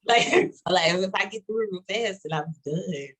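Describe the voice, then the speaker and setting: Husky fast-talking Texan woman. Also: mid-range voice, a bit bright, rough recording. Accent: Texas. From Texas. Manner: fast-talking, fillers and run-on sentences. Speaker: roundtable participant. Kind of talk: casual group video chat.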